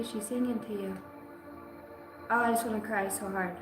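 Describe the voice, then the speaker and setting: A woman giving a live psychic reading, talking emotionally in halting phrases that break off mid-sentence. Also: mid-range voice, fairly even intonation. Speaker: psychic reader. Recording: roomy sound with music behind.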